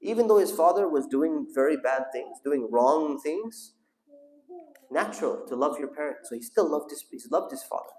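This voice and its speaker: A man's voice: fairly high pitch, animated, normal speed, a little mellow. A man teaching a storytelling religious lesson, asking the audience questions and calling on listeners. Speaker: sheikh teaching a class. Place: mosque hall. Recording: echoey hall.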